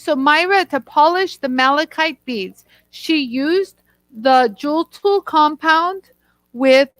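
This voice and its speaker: High-voiced chatty woman hosting live. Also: no room sound. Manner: warm and chatty, talks straight to viewers in the chat. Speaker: host of a live product show. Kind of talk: chatty live-stream product demo.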